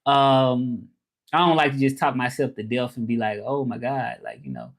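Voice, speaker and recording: A man from Memphis, hosting a casual livestream and talking in a relaxed, rambling way with lots of fillers. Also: medium pitch, moderate pace. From Memphis, USA. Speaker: livestream host.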